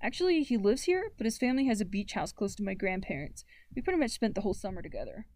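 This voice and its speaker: A woman's voice: mid-range voice, expressive, quick pace, darkish tone, dry recording, lightly acted. A woman voicing an easygoing, teasing teenage boy in a storybook reading. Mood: casual.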